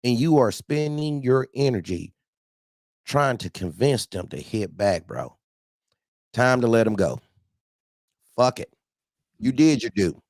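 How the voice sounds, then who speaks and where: A man hosting a casual talk show about trucking, blunt and animated, talking in street slang and often laughing. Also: mid-range voice, measured pace, pauses often, dry recording, studio quality.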